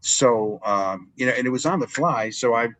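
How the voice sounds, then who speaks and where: A wrestling ring announcer, now older, chats through stories in an easygoing interview. He speaks at a normal speed with a medium-pitched voice. Animated throughout, he performs the dialogue he recalls.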